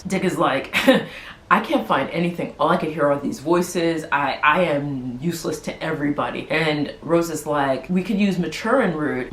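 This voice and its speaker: A woman with a low-pitched voice recaps a TV episode in loose, casual chat. She retells the scenes with animated energy, swears freely and laughs between them. Her voice bounces around a noticeably echoey room. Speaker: show host recapping a TV episode.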